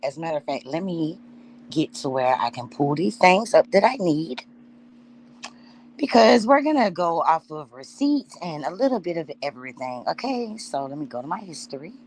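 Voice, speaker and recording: A woman's voice: sits low, expressive, normal speed, a little mellow, slight background noise. Blunt, profane woman livestreaming to her chat. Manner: loose and unprepared, stops to fumble with things. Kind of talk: casual livestream talk to chat.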